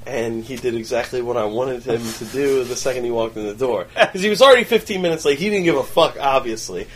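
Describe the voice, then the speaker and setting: A man co-hosting a crude, casual podcast, telling stories with loud impressions and frequent laughter. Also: medium pitch, lively intonation, quick pace, a little hiss or hum. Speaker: podcast co-host.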